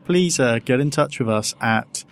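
A man's voice: mid-range voice, lively intonation, moderate pace. A man chats casually as a podcast co-host. He rambles and restarts his sentences often, trailing through one point after another. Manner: hesitant, rambling with many restarts. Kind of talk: casual chat.

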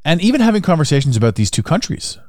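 This podcast host, a man with a Canadian accent, goes it alone, looping back over his points in a rambling, repetitive way. His slightly mellow, high-leaning voice is very animated and quick, captured with clean studio sound and no echo.

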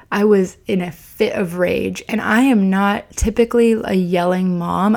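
Young mom podcaster, chatty and honest, lots of ums, kinda gravelly fry. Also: female voice, mid-range voice, a little mellow. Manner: candid, confessional, many fillers and restarts. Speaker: podcast host. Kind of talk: casual personal podcast talk.

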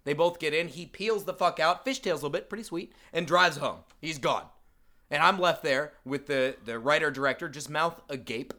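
A man casually telling a story to friends on a podcast, loud and animated, swearing freely. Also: on the high side, normal speed. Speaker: podcast co-host.

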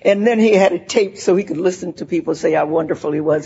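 A woman's voice: medium pitch, lively intonation, quick pace, few pauses, warm tone, lo-fi sound. An older woman giving a heartfelt, laughing personal share at a recovery meeting, full of "you know" asides.

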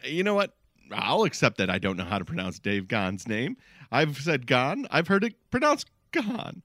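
A man's voice: mid-range voice, wildly swooping pitch, a little fast, fairly bright tone, dry recording, clean studio sound. A man co-hosting a podcast in casual chat, often laughing between words. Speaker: podcast co-host.

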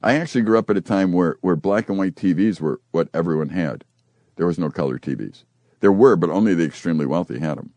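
An older man hosting a casual chat, telling animated stories and acting out the quotes. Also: sits low, quick pace, no echo. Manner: animated storyteller who acts out quotes.

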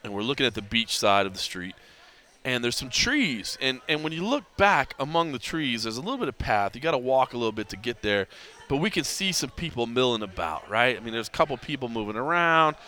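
A man's voice: mid-range voice, fairly quick. A middle-aged man hosting a podcast, telling a story in casual chat, acting out what people said and leaning on "like" a lot. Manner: animated storyteller acting out quoted dialogue, heavy use of "like". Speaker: podcast host.

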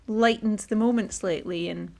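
Woman, podcast host, reflective chat, mid-pitched, hesitant fillers. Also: normal speed, creaky, darkish tone. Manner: thoughtful, hesitant, many fillers like "you know". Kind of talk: casual conversation.

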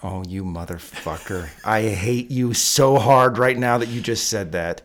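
A man co-hosting a casual podcast, ranting loudly and crudely about movie franchises. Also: lowish voice, measured pace. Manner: loud, heated, crude ranting. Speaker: podcast co-host.

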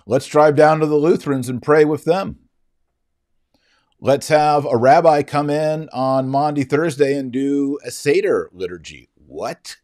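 Casting: man, very low voice, emphatic storyteller, dry close sound. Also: a little mellow, no echo. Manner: emphatic, indignant retelling. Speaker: Catholic commentator. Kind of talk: storytelling monologue.

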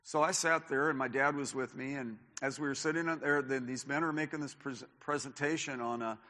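A man's voice: mid-range voice, fairly quick. A male pastor preaching a sermon in a church, telling personal stories, acting out what people said, with many restarts. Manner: animated storyteller, acts out quotes, many restarts. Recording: long reverb of a church hall.

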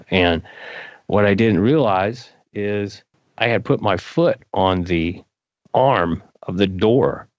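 Animated older man telling a story. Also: no room sound. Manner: animated, jumps up in pitch when excited. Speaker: interview guest. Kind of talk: casual storytelling. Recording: dull lo-fi recording.

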